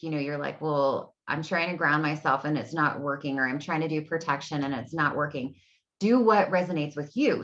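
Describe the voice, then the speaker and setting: A low-pitched woman in her thirties talks casually from home as an energy healing coach, wandering from point to point with plenty of "um" and "you know." Her voice sits deep for a woman. The sound is dull and lo-fi, like a simple home recording. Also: a bit bright. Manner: chatty, rambling, many fillers. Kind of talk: casual solo talk to camera. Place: home room. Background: dogs barking.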